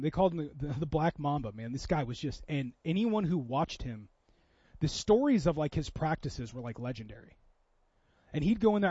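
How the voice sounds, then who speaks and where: Animated pastor, high-pitched man. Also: no room sound, highs cut off. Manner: animated storytelling, swings from loud to soft. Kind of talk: sermon.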